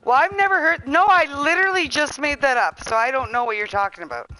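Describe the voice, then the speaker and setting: A woman's voice: high-pitched, animated, quick pace, pushed and bright, poor audio. A woman from Western Canada with a Canadian accent, chatting casually with friends while streaming a game, laughing, teasing and swearing freely. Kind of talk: casual gaming chat with friends.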